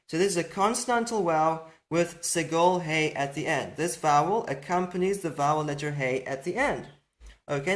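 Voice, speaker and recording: Man, high voice, patient teacher, explanatory lecture, rhetorical questions. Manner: patient, asks rhetorical questions and checks understanding. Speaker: teacher explaining Hebrew grammar. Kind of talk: explanatory lecture over slides.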